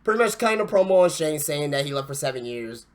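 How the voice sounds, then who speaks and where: A man's voice: fairly high pitch, animated, fast. A man hosting a wrestling podcast, reviewing an event in casual talk with swearing and lots of stammered restarts. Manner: ranting, profane, stammering restarts.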